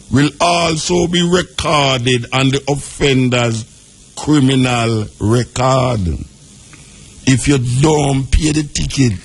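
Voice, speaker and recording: Husky Jamaican man reading out a law. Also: medium pitch. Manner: reads text aloud, breaks into patois asides. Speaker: radio host.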